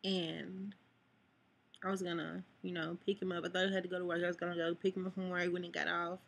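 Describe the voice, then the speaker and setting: A woman's voice: on the low side, little pitch movement, quick pace, creaky, slightly rough. A young woman talking to her camera in a personal vlog, rambling and full of "like", close to tears at times. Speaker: vlogger. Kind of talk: emotional personal vlog talk. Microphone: camera mic.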